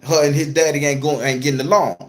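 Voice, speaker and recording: A stern old grandmother who is known as a witch scolds her rival with a raised, slightly high voice, as a man quotes her in his story. She is sharp and commanding. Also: steady tone, fast, close to an everyday voice. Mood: scolding.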